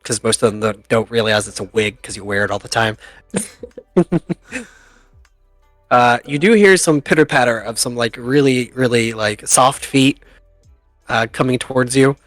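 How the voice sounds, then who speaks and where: A man's voice: mid-range voice, unhurried, pauses often, a bit bright, no echo. A man in a mid-range voice runs a tabletop game in a loose, chatty way and laughs often at his own jokes. His voice is close and dry on the mic, with faint music underneath. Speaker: game master.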